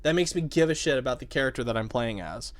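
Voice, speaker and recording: A young man chatting excitedly about a video game, swearing and saying "like" a lot as the show's host. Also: medium pitch, quick pace. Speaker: podcast host. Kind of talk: casual game discussion.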